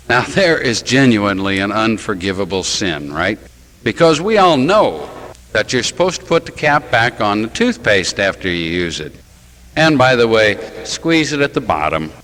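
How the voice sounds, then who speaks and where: Male priest, sermon, slow unhurried delivery, lively rising and falling pitch, wry asides. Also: rough recording. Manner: animated, rhetorical questions and wry self-mocking asides. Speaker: Catholic priest. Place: church.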